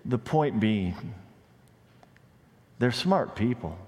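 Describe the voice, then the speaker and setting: In a church sanctuary, a male pastor preaches with lively energy, drawing out his words while his pitch climbs on questions and drops deep to stress points. Light humor and casual asides run through it, and the sound carries a big hall's lingering echo.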